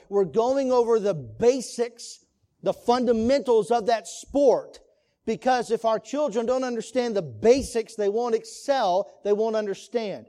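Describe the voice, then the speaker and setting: A man's voice: high voice, mellow. A man teaching a church class on marriage in a sermon style, earnest, putting questions to the listeners. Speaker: Sunday school teacher.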